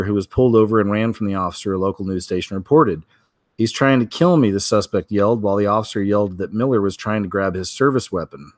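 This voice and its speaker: Laid-back low-voiced man commenting. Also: no echo. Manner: laid-back, chatty, trailing asides. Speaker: video commentator. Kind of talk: casual commentary on news clips.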